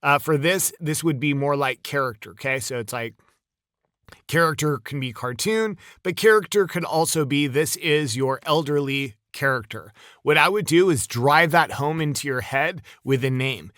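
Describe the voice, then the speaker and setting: Chatty coach guy reviewing a demo, bright highish voice, super enthusiastic. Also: dry recording, studio quality. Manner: upbeat and chatty, with quick bursts of praise. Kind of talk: casual video critique.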